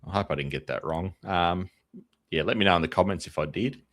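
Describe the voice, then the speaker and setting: Low-voiced Australian man hosting. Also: fairly quick, a bit bright, no room sound. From Tasmania, Australia. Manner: chatty, fan-like, with fillers. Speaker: podcast host. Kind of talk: casual sports podcast chat.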